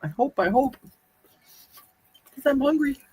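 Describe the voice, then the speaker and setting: A woman's voice: high-pitched, animated, a little slow, a little mellow, no room sound. Chatty woman streaming live while eating. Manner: chatty, reads viewer comments aloud, talks with mouth full. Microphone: streaming mic.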